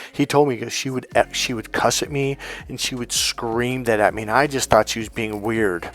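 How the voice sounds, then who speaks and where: A man's voice: mid-range voice, moderate pace. A man talking as a dating coach, emphatic, swearing now and then and acting out the voices of people he quotes. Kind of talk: coaching talk to camera.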